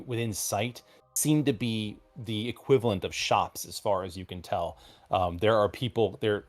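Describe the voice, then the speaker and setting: A man narrating a tabletop role-playing game as game master, describing scenes in a halting, rambling way with many fillers. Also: on the low side.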